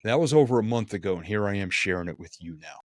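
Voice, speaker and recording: A man, a keynote speaker, telling lively stories in a podcast conversation and acting out the quotes. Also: lowish voice, fast, no room sound, studio quality. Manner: animated, acts out quotes and jokes.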